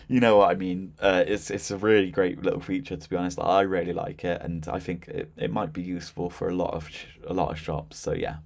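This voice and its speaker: A man with a notably deep, low-pitched voice talks through a software demo in an easy, conversational way. He fills gaps with "um" and "so yeah" and never sounds scripted. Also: a little fast, vocal fry. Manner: relaxed and chatty, with frequent fillers and "so yeah". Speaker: software demonstrator. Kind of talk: casual screen-share product walkthrough.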